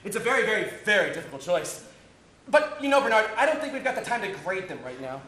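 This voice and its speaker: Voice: medium pitch, big pitch swings, fast, a bit bright. Actor doing a sneaky young guy whispering plans, echoey stage. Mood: conspiratorial. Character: scheming young man juggling fiancées. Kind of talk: stage play acting. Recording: echoey, noisy stage recording.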